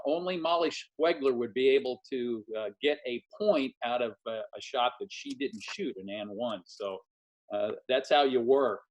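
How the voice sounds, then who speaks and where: A man hosting a casual interview over a video call, telling stories in an animated way and acting out what people said. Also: mid-range voice, muffled recording. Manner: animated storyteller, acts out quotes. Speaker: podcast host and former game announcer.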